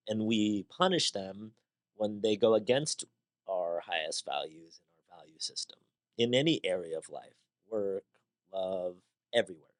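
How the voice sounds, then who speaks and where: Guy w a lowish voice rambling thru a podcast monologue, asks lots of questions, tells stories. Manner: conversational, rhetorical questions, storytelling. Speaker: podcast host. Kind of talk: reflective monologue.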